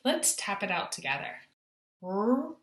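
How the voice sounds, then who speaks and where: A woman teaching a phonics lesson to young children, sounding out letters slowly and praising often. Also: mid-range voice, sing-song, roomy sound. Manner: encouraging, sing-song praise, slow sounding out of letters. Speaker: kindergarten teacher.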